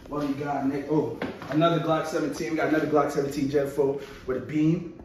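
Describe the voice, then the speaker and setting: A young man doing a casual show-and-tell vlog, excitable and slangy with frequent exclamations. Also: a little high, brisk. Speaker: vlogger showing his collection. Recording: very echoey, far from the mic, faint noise.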